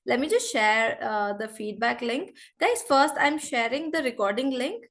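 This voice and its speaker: A woman's voice: fairly high pitch, lively intonation, measured pace, a bit bright. Woman teaching an online English class. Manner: chatty, apologetic, repeats phrases. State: unwell, feverish. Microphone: video call.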